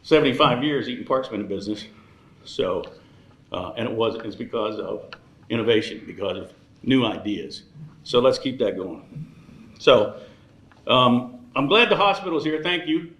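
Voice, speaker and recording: A man's voice: medium pitch, animated, normal speed, pauses often, a bit bright, echoey room. A man in his sixties giving a joking dinner speech as emcee, teasing the audience between thank-yous. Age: 60s. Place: large banquet room.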